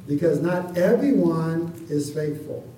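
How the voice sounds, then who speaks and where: Male pastor, high and mellow voice, preaching casually, recorded far off the mic in a roomy hall. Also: animated, a little slow, a little hiss or hum. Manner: conversational, keeps asking the congregation for an amen. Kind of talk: sermon. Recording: echoey room, voice from far off the mic.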